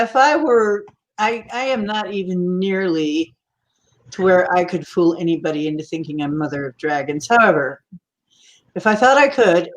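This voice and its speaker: A woman hosting a casual livestream chat, teasing and laughing often as she talks. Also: lowish voice. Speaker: livestream host.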